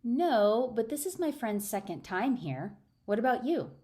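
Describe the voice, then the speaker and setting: A woman voicing an excitable, teasing young woman friend who talks loudly. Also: a little high, measured pace, pitched above the performer's own voice. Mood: excited. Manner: loud, excited.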